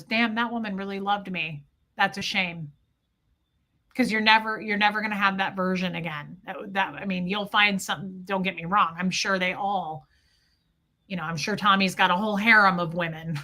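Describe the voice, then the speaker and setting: A woman hosting a livestream, talking emotionally to her viewers and swinging between yelling and quiet reflection. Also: medium pitch. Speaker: livestream host.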